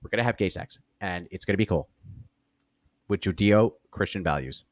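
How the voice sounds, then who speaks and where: A smug male pundit, as a man puts him on, lectures in clipped phrases. The voice sits low and sounds dry. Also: normal speed, no echo, natural voice.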